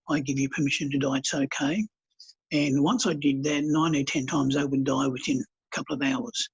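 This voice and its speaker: A man, a counsellor, telling stories calmly and earnestly in a podcast interview, with blunt colloquial words. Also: on the high side, gravelly, breathy edge. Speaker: counsellor and healer guest. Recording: dull lo-fi podcast audio.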